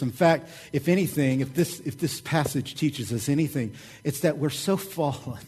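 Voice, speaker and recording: A middle-aged man preaching a sermon, telling stories in a casual, joking and animated way. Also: mid-range voice, husky. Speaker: pastor.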